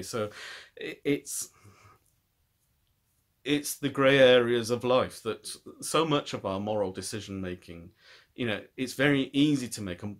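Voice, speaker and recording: A British man hosting a knitting podcast, talking in a thoughtful, rambling way with frequent restarts. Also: lowish voice. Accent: British English. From United Kingdom. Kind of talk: casual chat.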